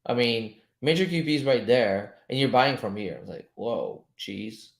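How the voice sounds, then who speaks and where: A man whose first language is French, chatting casually as a trading coach while he reads charts live, loose-tongued and quick to chuckle. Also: medium pitch, expressive. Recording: roomy echo.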